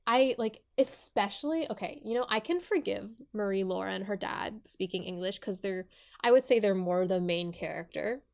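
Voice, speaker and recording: A woman's voice: medium pitch, moderate pace, vocal fry, darkish tone. A woman in her twenties co-hosting a podcast, talking casually with lots of fillers and restarts. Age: 20s. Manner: chatty, many fillers and restarts. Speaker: podcast co-host. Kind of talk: casual chat.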